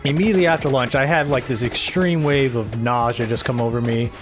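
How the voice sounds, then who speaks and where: A man giving casual, rambling gameplay commentary, sounding tired, a little raspy and short of breath, with a soft, somber tone. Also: medium pitch, a little fast. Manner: rambling, chatty, self-deprecating. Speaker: gaming video host. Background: game music.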